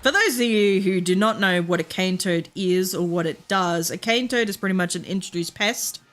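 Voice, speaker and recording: A woman's voice: fairly low pitch, normal speed, fairly bright tone, soft background music. An Australian woman streaming a game and chatting casually, swearing freely and laughing through her stories. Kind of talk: casual chat while gaming.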